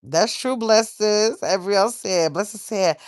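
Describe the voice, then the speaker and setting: A woman's voice: medium pitch, unhurried, no room sound, studio quality. A middle-aged woman hosting a casual livestream, rambling and reading viewer comments aloud. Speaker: livestream host.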